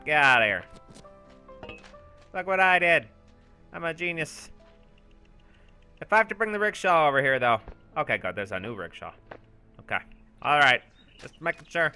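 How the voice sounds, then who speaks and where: A man giving goofy, boastful let's-play commentary, shouting when excited, with game music behind. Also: a little high, moderate pace, pauses often, clear, resonant tone. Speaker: gaming channel host.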